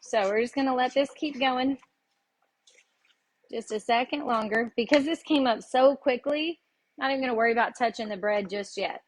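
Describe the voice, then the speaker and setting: A woman's voice: fairly high pitch, normal speed, slight background noise. A woman with a Tennessee Southern accent, hosting a live cooking lesson and chatting folksily with her viewers as she goes. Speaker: cooking show host.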